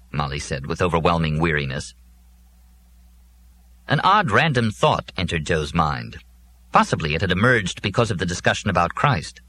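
A man narrating a science fiction audiobook in a measured, plain way. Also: sits low, big pitch swings, pushed and bright, slight background noise.

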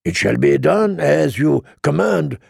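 A man voicing a smooth-tongued, flattering sellsword captain with a courtly delivery. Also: on the high side, a little slow, dry recording, clean studio sound, exaggerated voice.

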